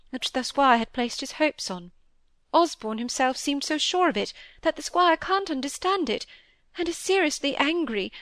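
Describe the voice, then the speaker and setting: A woman voicing a gentle middle-aged mother, plaintive and soft, tumbling on in distress. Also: high voice, dry recording, clean studio sound, pitched above the performer's own voice. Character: tearful gentle middle-aged mother, anxious for her son.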